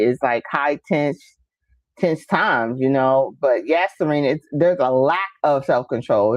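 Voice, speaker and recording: A woman's voice: sits low, no room sound, dull audio. A woman hosting a casual talk show, telling stories with laughter and acting out her relatives while reading viewer comments. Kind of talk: casual chat.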